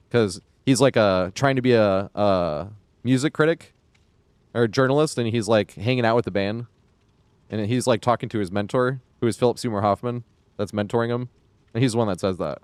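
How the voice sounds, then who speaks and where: A man's voice: fairly low pitch, a little fast, smooth, dry recording. A man live-streaming a game, chatting casually in a rambling, profane way, chuckling often. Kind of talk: casual live-stream chat while gaming.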